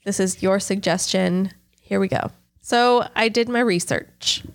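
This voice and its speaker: A woman's voice: medium pitch, unhurried. A woman co-hosting a podcast, chatting casually and teasing with crude jokes and frequent giggles. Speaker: podcast co-host. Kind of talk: casual comedic chat.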